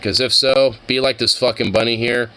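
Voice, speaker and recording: A man's voice: mid-range voice, steady tone, normal speed, sharp tone, smooth, low-quality recording. A young man chatting casually over videos, rambling and swearing, with many fillers. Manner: profane, rambling, full of fillers. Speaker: streamer reacting to videos. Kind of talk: casual chat.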